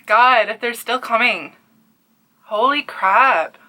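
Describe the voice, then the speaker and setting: A woman's voice: fairly high pitch, slow, pushed and bright. A young woman from Canada with a Newfoundland accent, talking in a casual home vlog about her crochet business, breathless and overwhelmed, sighing and dropping to near-whispers. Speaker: crochet artist and small business owner.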